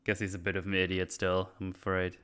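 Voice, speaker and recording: Guy recapping a movie w/ friends, kinda low voice, smooth and clean, keeps laughing. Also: monotone, a bit bright. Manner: retells scenes with quick quoted voices, laughs often. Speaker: podcast host. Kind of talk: casual movie review chat.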